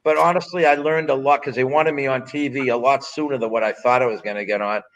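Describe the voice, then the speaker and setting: In this casual storytelling interview, a man in his 60s speaks fast in a mid-range voice with fairly even intonation, and the audio is poor. He's the guest, a former strongman and pro wrestler, and he tells stories in a blunt, profane, rambling way.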